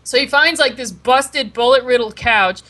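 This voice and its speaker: Brief: young woman, bright high voice, animated, profane storyteller. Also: moderate pace. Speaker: podcast co-host. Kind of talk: casual chat.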